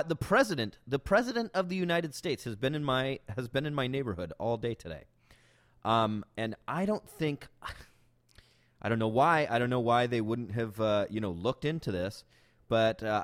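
A man's voice: mid-range voice, no room sound, clean studio sound. Rambling laid-back male podcast host. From Seattle. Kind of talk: casual chat. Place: backyard.

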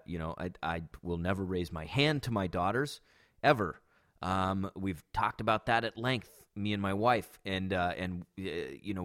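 A man's voice: lowish voice, a bit bright, no echo, clean studio sound. A man in his thirties hosting a podcast, talking casually with a lot of fillers, restarts and swearing. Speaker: podcast host. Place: backyard. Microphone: studio microphone with pop filter.

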